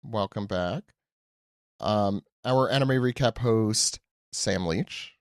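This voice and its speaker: A man hosting a podcast in a casual, joking way, teasing his guests with quick asides. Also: on the low side, no echo, clean studio sound. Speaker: podcast host. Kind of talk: casual chat.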